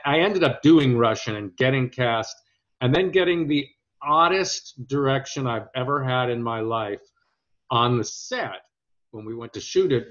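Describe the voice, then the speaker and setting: A man, an actor being interviewed, telling anecdotes in a rambling, hesitant way. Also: mid-range voice. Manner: storytelling, hesitant restarts, quotes others in lively voices. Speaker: actor guest. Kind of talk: conversational interview. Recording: dull lo-fi audio.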